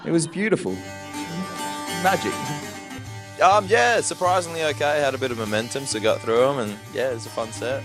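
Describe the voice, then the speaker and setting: A man's voice: mid-range voice, brisk, music in the background. A young man doing a stand-up set in a comedy club, laid-back and mumbly, swearing often.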